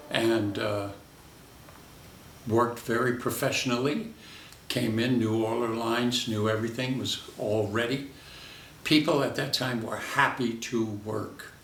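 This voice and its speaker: An older man, a veteran character actor, telling lively anecdotes from his career in an interview and acting out the voices in his stories. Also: mid-range voice, creaky, reverberant, far from the mic, a little hiss or hum.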